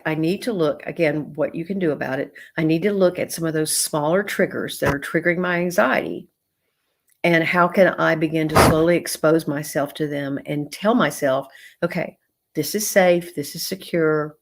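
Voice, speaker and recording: Southern-accented woman psychologist, middle-aged, low voice, easy conversational advice. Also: vocal fry. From American South. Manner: warm conversational advice with retold dialogue. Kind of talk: live-stream Q&A.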